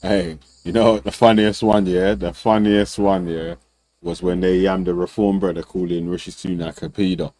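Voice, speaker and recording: Low, mellow-voiced man in slang chat. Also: steady tone, moderate pace, slight background noise, low-quality recording. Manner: slangy, laughs often, mimics people. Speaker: debate show host. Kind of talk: casual panel chat.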